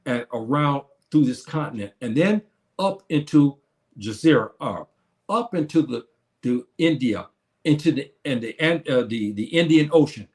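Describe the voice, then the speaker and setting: A medium-pitched, somewhat mellow male voice delivers a live-stream lecture. He hesitates and starts over a lot while working through viewer comments and responding to them.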